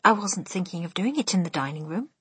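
A woman's voice: lowish voice, expressive, fast talker, fairly bright tone, husky, dry recording, exaggerated voice. A woman voicing a clever, eager young boy who has been turned into a mouse.

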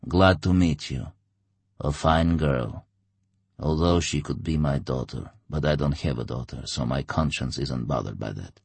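A man's voice: a bass voice, measured pace, gravelly, husky, no room sound, heavily acted. A man doing a blunt, nasal old stalker. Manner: blunt and crude. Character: gruff wrinkled male stalker near fifty, cynical.

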